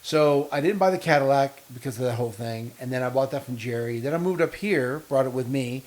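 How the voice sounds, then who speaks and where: A man chatting casually on a podcast as a co-host. He spins long, lively stories and acts out the other people in them with quoted lines. His voice sits at an ordinary middle pitch. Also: fairly quick. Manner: long animated anecdotes with quoted dialogue. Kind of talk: casual chat.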